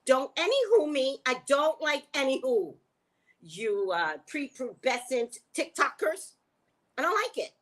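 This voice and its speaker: Woman, livestream host, casual chat, lively pitch, talks back to commenters. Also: unhurried. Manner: animated, chatty, talks back to viewer comments. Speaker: livestream host and psychic reader.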